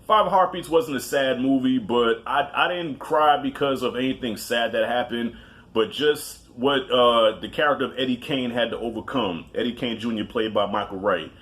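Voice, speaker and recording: A man's voice: medium pitch, normal speed, a bit bright. Profane, loose-talking man ranking movies. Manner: loose and profane, with self-mocking asides; rambling with frequent restarts. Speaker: movie reviewer. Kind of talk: casual movie countdown commentary.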